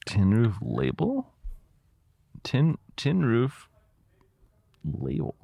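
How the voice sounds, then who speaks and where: A man's voice: medium pitch, wildly swooping pitch, drawn-out words, vocal fry, dark tone, no echo, clean studio sound. A man co-hosting a podcast in casual chat, joking and laughing often. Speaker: podcast co-host.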